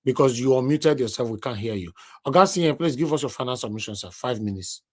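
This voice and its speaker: Polite Nigerian man moderating a panel. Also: mid-range voice. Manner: brisk, polite, addresses guests as sir and madam. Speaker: host.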